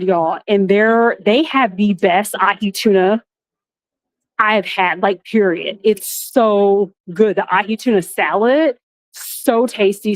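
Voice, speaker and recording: A woman hosting a live walking vlog outdoors, telling a story in a lively, dramatic way while filming on a handheld phone. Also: no room sound. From Florida. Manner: animated, dramatic storytelling with big pitch jumps. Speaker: vlogger. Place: outdoors in a theme park.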